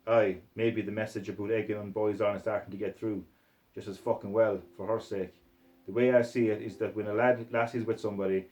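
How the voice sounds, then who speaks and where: A man reading a story aloud in the first person, putting on a Scottish accent and talking in a rough, swaggering way. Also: on the low side, darkish tone. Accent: put-on Scottish accent. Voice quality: rough, profane, swaggering narration in character. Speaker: reader of a short story.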